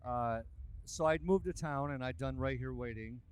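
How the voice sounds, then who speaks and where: A man, a musician and producer, telling a lively anecdote in a casual interview. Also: mid-range voice, moderate pace, smooth. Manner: animated, lively anecdotal delivery. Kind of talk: casual storytelling.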